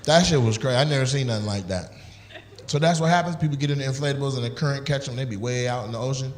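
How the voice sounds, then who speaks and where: A man doing crowd work on stage, loud and animated, acting out voices as he riffs with the audience. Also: mid-range voice, very fast, slight background noise. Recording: echoey venue with loud ambience.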